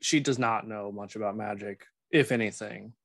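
A man running a tabletop game as game master, casual and quick to laugh. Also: fairly low pitch, creaky, no echo, clean studio sound.

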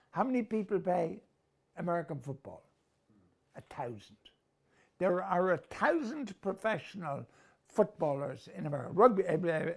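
A man's voice: fairly high pitch, creaky. An older man giving emphatic, opinionated rugby commentary in a casual discussion, full of rhetorical questions. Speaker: rugby pundit.

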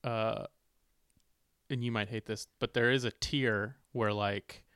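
A man's voice: lowish voice, steady tone, slow pace, a bit bright, clear, resonant tone, dry recording, studio quality. A man co-hosting a comedy podcast, rambling and chatty with lots of fillers. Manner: rambling, filler-heavy, laughing. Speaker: podcast co-host. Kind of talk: casual comedic chat.

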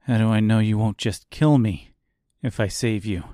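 A man's voice: fairly low pitch, moderate pace, dark tone, dry recording, clean studio sound, natural voice. A man reading the lines of a determined, angry young woman who presses with terse questions, in an audiobook. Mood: wary. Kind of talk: audiobook character voice.

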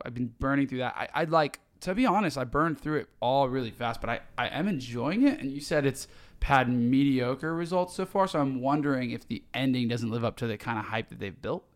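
A man co-hosting a podcast in casual chat, low-key and relaxed, swearing casually. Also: brisk, dry recording. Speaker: podcast co-host.

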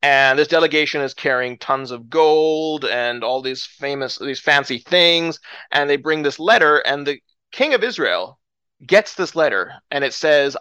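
Bright, animated male preacher. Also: fairly high pitch, measured pace, smooth, no room sound, highs cut off. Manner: animated, excited storyteller acting out characters. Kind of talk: sermon storytelling.

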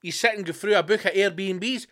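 A Scottish man hosting his own podcast, ranting sarcastically with constant swearing, swinging between loud outbursts and low mutters. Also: normal speed. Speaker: podcast host. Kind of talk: profane comedic rant.

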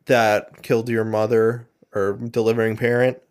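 A man's voice: on the low side, flat delivery, moderate pace, smooth. A man co-hosting a casual book podcast, laid-back, with dry reactions and many short agreements. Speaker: podcast co-host.

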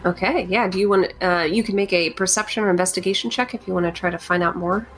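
A woman narrating as game master of a tabletop game, often pausing with fillers as she searches for words. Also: lowish voice, fairly bright tone, soft background music. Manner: hesitant, many fillers.

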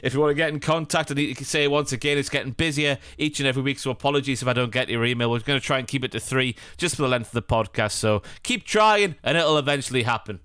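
Man, young adult, podcast co-host, casual banter, self-mocking, smooth tone. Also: mid-range voice, fairly bright tone, no echo, clean studio sound. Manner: jokey, self-deprecating banter. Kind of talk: casual chat.

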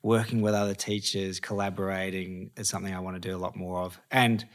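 A man's voice: deep voice, little pitch movement, brisk. A man who teaches yoga, a guest in a casual interview, speaking thoughtfully and often restarting his sentences.

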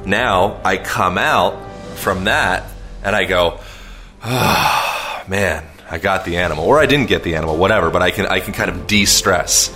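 A man's voice: sits low, moderate pace, pushed and bright, soft background music. A man talking casually as a podcast guest, explaining at length with many fillers and restarts. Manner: rambling, filler-heavy, self-aware long-winded talk.

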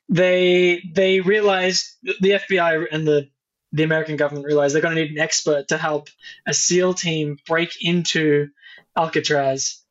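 A man co-hosts a casual film podcast, recapping plots in an easygoing chat sprinkled with fillers. His voice is fairly high and fairly bright, though the audio sounds dull.

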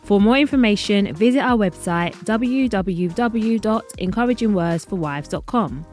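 A woman's voice: medium pitch, animated, normal speed, darkish tone, soft background music. A woman, hosting her own podcast in a chatty, rambling way and laughing at her own asides. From London, England. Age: 30s. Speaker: podcast host. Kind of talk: casual solo podcast chat.

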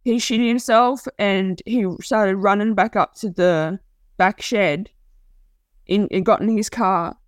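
A woman giving a raw, halting personal account, often restarting and repeating herself. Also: mid-range voice, no room sound. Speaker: interviewee telling her story. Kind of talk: personal testimony.

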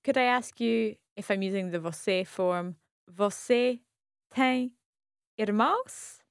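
A woman's voice: mid-range voice, takes it slowly, vocal fry, smooth, no room sound, studio quality. A woman with a Scottish accent co-hosting a language podcast as the learner, asking careful follow-up questions. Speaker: learner co-host.

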